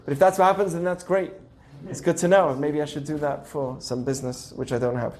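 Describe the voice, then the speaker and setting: A young adult man hosting a casual teaching podcast, animated and acting out the voices he quotes. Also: fairly high pitch, fairly quick. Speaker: podcast host.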